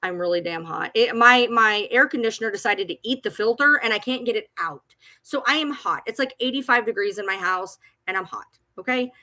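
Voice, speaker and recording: A woman's voice: mid-range voice, fairly quick, bright, forceful tone. Agitated woman ranting on a livestream. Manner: agitated, profane, repetitive. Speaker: TikTok creator. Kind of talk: livestream rant. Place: at home.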